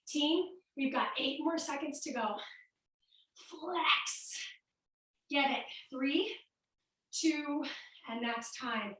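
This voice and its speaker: A woman's voice: sits high, extremely slow, long pauses, a bit bright, very echoey, recorded from a distance, low-quality recording. A woman fitness instructor with a Midwestern accent, upbeat and a little breathless as she cues moves while exercising along with a home workout class. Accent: American Midwestern.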